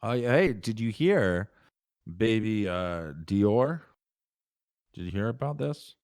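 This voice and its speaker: A man's voice: on the low side, expressive, slow, a little mellow, no room sound, clean studio sound. A man co-hosting a true crime podcast, chatting casually and joking as he tells stories. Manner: joking, rambling storytelling. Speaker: podcast co-host. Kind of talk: casual chat.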